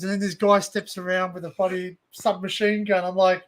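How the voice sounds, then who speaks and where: An Australian man with a notably high speaking voice tells rambling stories full of asides in a loose, unscripted chat he hosts. He talks into a desktop mic on a streamed call. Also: flat delivery, brisk. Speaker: live stream host. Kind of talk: casual group chat. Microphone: desktop USB mic on a stream call.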